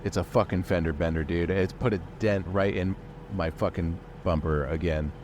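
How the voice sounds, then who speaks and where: A man's voice: sits low, steady tone, normal speed, a little mellow, slight background noise. A man playing in an improvised tabletop role-play, talking casually, joking and swearing in character. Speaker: player.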